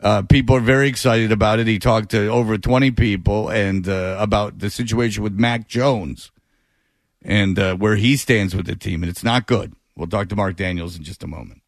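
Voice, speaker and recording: Low-voiced cackling radio host man. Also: steady tone, moderate pace, dry recording, studio quality. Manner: laughs often, cackling. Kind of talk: casual radio banter.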